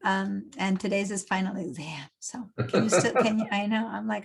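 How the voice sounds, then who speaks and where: Her voice mid-range and creaky, a middle-aged Argentine woman leads a design class by video call at a moderate pace. She explains step by step, chatty and filler-heavy, through a computer mic with poor recording quality.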